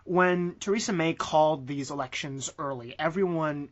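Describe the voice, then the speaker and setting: A man's voice: fairly high pitch, moderate pace, dull audio. A man co-hosting a podcast, framing questions and prompting his partner in a casual chat. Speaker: podcast co-host asking questions.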